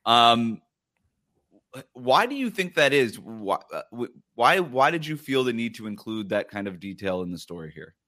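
A man's voice: mid-range voice, big pitch swings, normal speed, bright, forceful tone. A man hosting a casual sports podcast, chatty, reading quotes aloud with many fillers and restarts. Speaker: podcast host.

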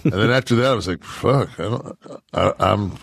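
A low, gravelly man talking loosely on a podcast, swearing freely as he wanders through a story. The sound is dry and close, with no room around it. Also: fairly quick, dry recording. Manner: profane, rambling storytelling. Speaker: podcast co-host. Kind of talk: casual podcast chat.

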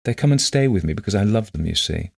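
A man reading the part of a gentle, shy blind woman who talks softly and earnestly in simple phrases. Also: on the low side, expressive, fast, creaky, husky, voice pushed up, exaggerated voice.

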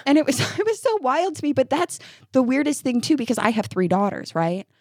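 A woman from New York co-hosting a casual chat, animated and laughing often as she puts on the voices of people she quotes. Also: high voice, a little fast, breathy edge, no echo, studio quality. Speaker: podcast co-host.

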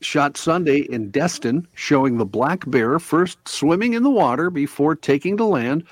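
A man hosting a talk radio show reads news stories in a husky voice. He sounds dry and close to the mic. Between stories he chats loosely with his co-hosts. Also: a little high, animated, moderate pace, dry recording.

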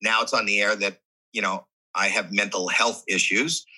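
Guy on a podcast telling a heavy personal story, husky and super bright tone, lots of restarts. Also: fairly low pitch, normal speed, rough recording. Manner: animated, emotional, with many restarts. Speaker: guest.

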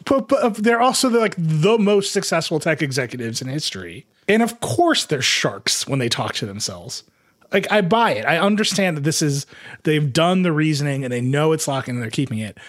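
Quick-talking man hosting a tech podcast. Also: a little high. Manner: fast, laughing, thinks aloud with many restarts. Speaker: podcast host. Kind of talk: casual tech news chat.

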